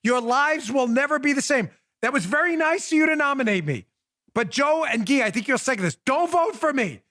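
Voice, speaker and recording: A man's voice: very high-pitched, lively intonation, fairly quick, bright, forceful tone, no room sound. A man in his forties hosting a political talk show, riffing in sarcastic mock pleas with lots of restarts, into a studio microphone. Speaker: podcast host.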